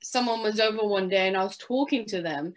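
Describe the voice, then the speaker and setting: A woman's voice: mid-range voice, fairly quick. Earnest British woman sharing testimony. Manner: earnest storytelling, quoting her own past words. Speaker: interview guest. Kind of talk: personal faith testimony in an interview.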